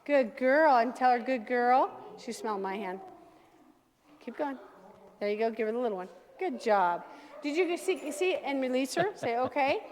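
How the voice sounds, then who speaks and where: A woman dog trainer leading a hands-on class, giving brisk, direct commands to owners and their dogs. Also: a little high, lively intonation, a little mellow. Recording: long reverb from a large room.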